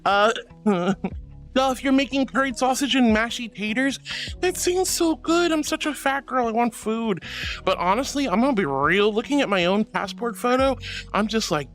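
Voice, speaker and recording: A woman's voice: medium pitch, expressive, moderate pace, soft background music. A woman streamer chatting casually with viewers in a bubbly, giggly, affectionate way. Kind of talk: casual livestream chat.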